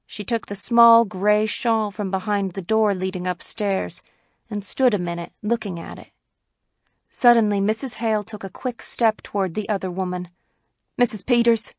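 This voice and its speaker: A woman reads a classic short story aloud in a steady, measured way. Her pitch sits in a middle range, and the recording is close and dry. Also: no room sound. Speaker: audiobook narrator.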